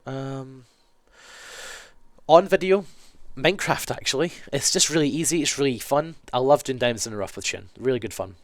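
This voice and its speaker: A man's voice: medium pitch, moderate pace, no echo. Sniffly young man rambling. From Scotland. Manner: rambling, self-correcting, chatty. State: sick with a cold, sniffly. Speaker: YouTube gamer answering fan questions. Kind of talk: casual Q&A monologue.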